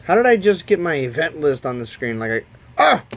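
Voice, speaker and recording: A man's voice: on the high side, big pitch swings, brisk. A man streaming from his phone, talking to himself and to chat while he tries to work out the app's settings. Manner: frustrated, muttering while fiddling with phone settings. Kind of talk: casual live-stream chat.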